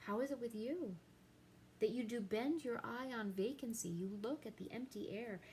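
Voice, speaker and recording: A woman's voice: on the high side, moderate pace, darkish tone, a little hiss or hum, pitched above the performer's own voice, lightly acted. A woman reading the lines of a frightened middle-aged queen and mother, pleading and worried. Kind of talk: dramatic reading of verse.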